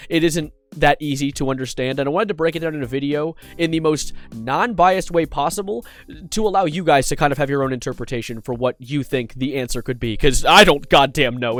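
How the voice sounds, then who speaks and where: A man's voice: a little high, a bit bright, no room sound. A man doing a commentary video, sarcastic and exasperated, swearing casually as he breaks down online drama. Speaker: YouTube commentator.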